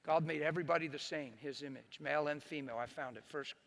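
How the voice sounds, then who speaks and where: A man giving an impassioned testimony, swinging from loud bursts to hushed, near-whispered moments. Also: fairly high pitch, fast. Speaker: preacher giving his testimony. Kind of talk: emotional testimony.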